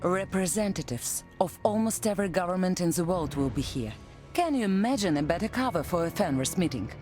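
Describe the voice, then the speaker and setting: A woman's voice: fairly low pitch, expressive, a little fast, darkish tone, soft background music, lightly acted. A woman voicing a determined female covert agent in a video game, speaking in a curt, focused way.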